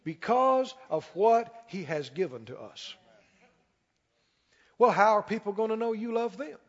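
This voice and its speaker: A man preaching a sermon as pastor, emphatic, slowing down and rising on key lines. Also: high voice, expressive. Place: church sanctuary. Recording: dull sound with long hall reverb.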